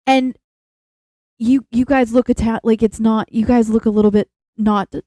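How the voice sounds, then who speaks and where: A woman's voice: on the high side, steady tone, moderate pace, mellow, no room sound. A woman co-hosting a casual podcast chat, rambling and losing her train of thought, laughing easily. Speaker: podcast co-host. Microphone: in-ear earbuds with mic.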